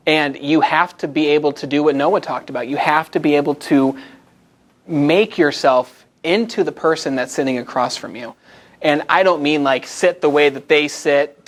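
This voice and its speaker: An upbeat American man presents to a room full of people, bright and engaging. His voice sits a little high for a man, and he shifts easily between chatty asides and direct questions to the crowd. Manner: energetic, conversational, invites the audience. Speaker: motivational speaker. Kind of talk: live presentation to a group. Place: meeting room with a live audience.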